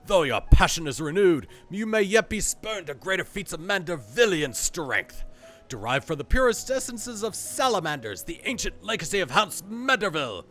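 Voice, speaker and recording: A man's voice: high-pitched, sing-song, normal speed, a bit bright, soft background music, voice pushed up. A man voicing a stately old noble father in a game, declaiming in a solemn, ceremonious way.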